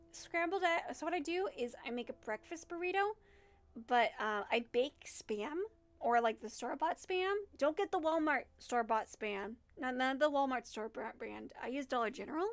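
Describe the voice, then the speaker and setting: A woman's voice: high voice, lively intonation, normal speed. A young woman with a Midwestern accent, chatting casually on a livestream, rambling and giggling as she answers chat. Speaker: streamer.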